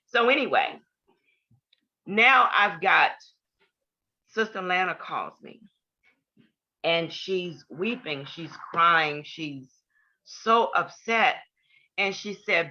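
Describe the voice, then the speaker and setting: A woman's voice: fairly low pitch, expressive, takes it slowly, pauses often, pushed and bright. An older woman giving an earnest personal testimony in an interview, repeating key points for emphasis. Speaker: guest. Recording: dull lo-fi podcast audio.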